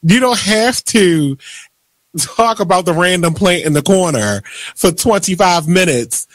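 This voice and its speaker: A man co-hosting a radio show, chatting about entertainment news in an animated, joking, ranting way. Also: high voice, measured pace, no echo. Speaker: radio co-host. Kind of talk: casual entertainment-news chat.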